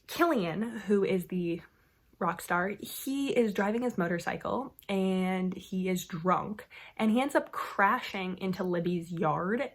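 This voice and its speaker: A woman talking casually to camera as a book vlogger, full of fillers like "like" and "um", swearing now and then. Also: on the low side. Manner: chatty, filler-heavy with frequent "like" and "um". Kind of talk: casual book recommendation vlog.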